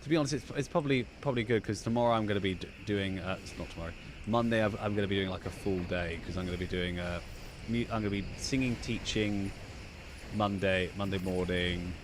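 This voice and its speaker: A man's voice: fairly low pitch, fast, background noise. A man co-hosting a casual livestream show, chatty, often stumbling into restarts. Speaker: podcast co-host.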